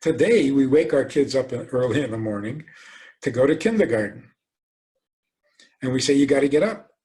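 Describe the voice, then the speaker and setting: A rabbi giving a lecture, telling stories animatedly and asking rhetorical questions. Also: male voice, medium pitch, moderate pace. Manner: animated storytelling, acts out quoted voices.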